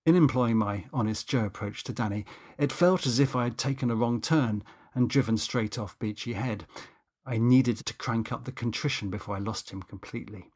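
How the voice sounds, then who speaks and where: A man's voice: mid-range voice, normal speed, a little mellow. A man narrating a comic audiobook in the first person, wry and exasperated, with swearing asides.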